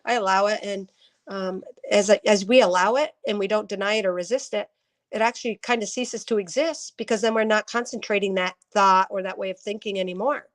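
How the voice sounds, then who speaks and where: Woman, live-stream intuitive reader, chatty, laughs a lot, mid-pitched, greets viewers by name. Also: a little fast. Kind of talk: casual live-stream spiritual reading.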